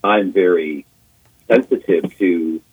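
A man in his sixties, a guest on sports radio, telling an animated story and acting out quotes, repeating himself as he goes. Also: low-pitched, slow pace, slightly rough. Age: 60s. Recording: phone-line call on radio.

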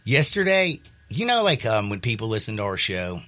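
A male sports radio host, congested from sinus trouble, talking in a rambling, animated, jokey way. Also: lowish voice, moderate pace. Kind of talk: sports talk radio chat.

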